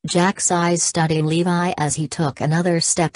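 A woman's voice: on the low side, flat delivery, moderate pace, a little mellow, no room sound, studio quality. A woman narrating an audiobook, reading every punctuation mark aloud. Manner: reads punctuation marks aloud.

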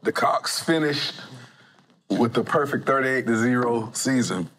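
A man's voice: a little slow, a bit bright, slight background noise, rough recording. A man co-hosting a comedy show, teasing and joking in casual chat. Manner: teasing, swinging wildly in pitch. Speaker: co-host.

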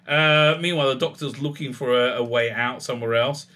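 A man casually recapping and reviewing a TV episode as a channel host, sarcastic and animated, with lots of fillers and restarts. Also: mid-range voice, brisk, few pauses. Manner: sarcastic and animated, with many fillers and restarts, acting out quoted lines.

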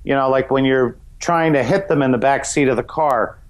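A middle-aged man from New York's Westchester County, a comedian guest talking in a loose, rambling way, full of "you know" fillers. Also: moderate pace. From Westchester County, New York. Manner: acts out voices in high shouts. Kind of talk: casual interview chat.

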